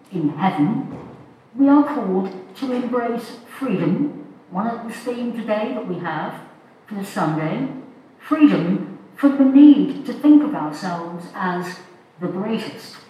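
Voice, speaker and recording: An older woman delivers a sermon at an unhurried, deliberate pace, her voice rising and falling with lively inflection. She sounds a little high. The recording catches her from a distance in a very echoey church. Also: a little hiss or hum. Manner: slow, measured, thoughtful delivery. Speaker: preacher.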